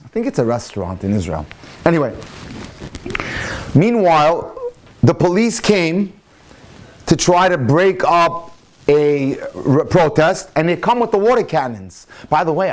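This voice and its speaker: Animated rabbi telling a story. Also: male voice. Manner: animated storyteller, swings into excited high-pitched quotes. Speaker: rabbi lecturer. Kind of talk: storytelling sermon.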